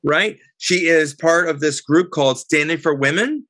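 A middle-aged woman as an interview guest, telling a heated story in an animated, indignant way. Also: sits low, normal speed, no room sound. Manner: animated, indignant, quotes others.

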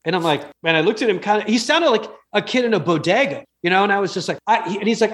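A fairly high-voiced young man talks as a guest on a podcast. He tells stories in a quick, animated way, full of restarts. His easy, joking chat carries a comedian's timing. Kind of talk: casual storytelling chat.

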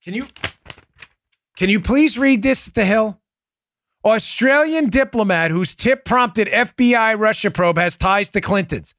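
A man's voice: high-pitched, unhurried, fairly bright tone, no echo, studio quality. A man hosting a political podcast, delivering heated commentary in a combative, incredulous way. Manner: combative, incredulous, rising to indignant outbursts.

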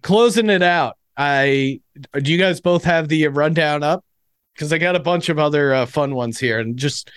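A man's voice: medium pitch, clear, resonant tone, no room sound, studio quality. A man hosting a sports podcast, chatting casually and energetically about football betting picks. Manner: energetic, enthusiastic. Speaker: podcast host.

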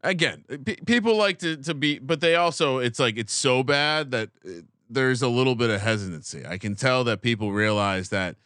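A man's voice: mid-range voice, normal speed, few pauses, a bit bright, no echo. A man co-hosting a podcast in a studio, talking casually about betting picks in a rambling way, with swearing and dry jokes. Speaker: podcast co-host. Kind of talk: casual sports betting chat.

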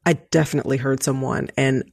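A middle-aged woman with a low, husky voice chats casually as a co-host. She tells stories in an animated way and laughs often. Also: fairly quick. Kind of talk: casual chat, storytelling.

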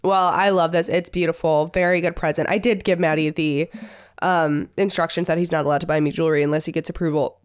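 Young woman co-host, bubbly storyteller; lowish voice, close and dry. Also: fairly even intonation, quick pace, smooth, no echo. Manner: bubbly storyteller, many "like" fillers. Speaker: podcast co-host. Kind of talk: casual chat.

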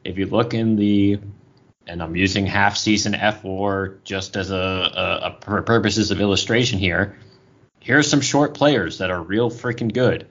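Man, podcast co-host, opinionated, restarts sentences, lowish voice, lo-fi internet audio. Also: a little slow, fairly bright tone. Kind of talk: casual sports podcast chat. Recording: dull lo-fi audio over bad Wi-Fi.

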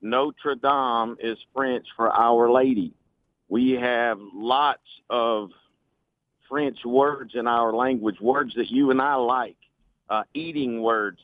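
A man's voice: mid-range voice, fairly even intonation, slow pace. A man with an Alabama accent, a former missionary and French teacher, calling in to a radio talk show and explaining patiently with folksy humor. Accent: Southern US, Alabama. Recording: tinny phone line.

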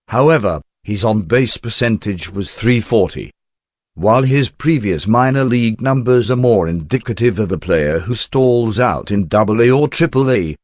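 Man doing a prim formal male secretary, stiff precise diction, mid-pitched, dry close sound. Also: no echo, close to an everyday voice. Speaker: fill-in podcast host. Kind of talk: scripted comic sports talk.

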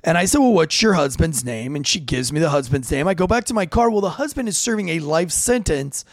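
A man's voice: a little high, brisk, no room sound. A young man, a police officer, casually telling a story from a call and acting out the voices of the people in it. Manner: animated, acts out quoted voices.

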